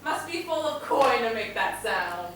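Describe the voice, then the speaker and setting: A woman's voice: on the high side, lively intonation, a little slow, a bit bright, a little hiss or hum. A woman playing a scornful male British army lieutenant in a stage reading, brusque and contemptuous. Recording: echoey hall, distant mic.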